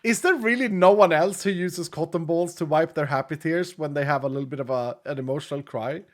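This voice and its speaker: A male streamer in his late thirties chats casually and briskly with his live chat, reading viewer messages aloud. His voice is somewhat high for a man, and he's openly emotional and gushing, laughing a lot between lines.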